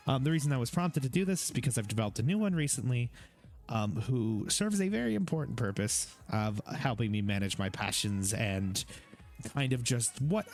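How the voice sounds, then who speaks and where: A man at a home streaming setup, talking through his channel in a loose, rambling way. His pitch moves around a lot as he goes, and his speech is full of fillers and wry asides. Soft background music sits behind him. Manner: chatty, rambling with fillers and self-deprecating asides. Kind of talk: casual talking-head explainer.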